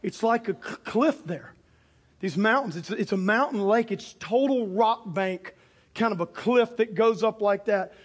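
A man, a pastor, preaching a sermon built around a personal story, talking animatedly and breaking into shouts at the big moments. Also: high-pitched, measured pace, slightly rough. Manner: animated, bursts into shouts for punchlines. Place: church or auditorium with a live congregation.

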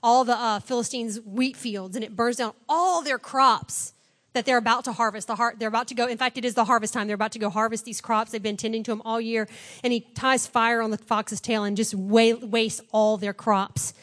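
A woman preacher giving a chatty, conversational sermon, retelling a story with lively acted-out quotes. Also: on the high side, a little fast.

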